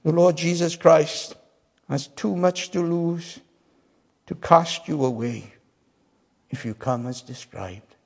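Male preacher, slightly high voice, emphatic sermon delivery with loud peaks and quiet drops, long reverberant hall. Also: slow pace, pauses often. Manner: emphatic, swings between loud declarations and quiet asides.

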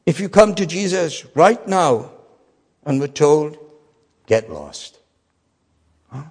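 Slow, emphatic preacher in a reverberant hall. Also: male voice, fairly high pitch. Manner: emphatic, swings between loud declarations and quiet asides. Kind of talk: sermon. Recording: long reverb of a large hall.

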